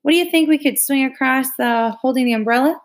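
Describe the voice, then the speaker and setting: A woman's voice: high voice, fast talker, voice pushed up. A woman voicing an eager young girl. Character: spirited imaginative girl, about ten. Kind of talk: audiobook read-aloud.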